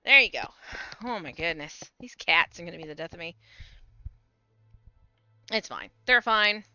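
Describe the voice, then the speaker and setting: A woman's voice: fairly low pitch, animated, unhurried, pushed and bright, smooth, dry recording. A woman streamer giving casual commentary on her gameplay, chatting to her cats and reading the game's text aloud. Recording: slightly dull home stream mic with faint game music.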